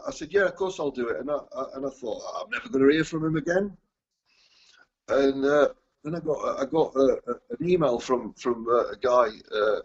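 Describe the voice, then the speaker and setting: A man from England, sharing his recovery story with a group in a halting way, often repeating words and chuckling. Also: medium pitch, breathy edge, lo-fi sound. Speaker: recovery speaker. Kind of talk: personal testimony to a group.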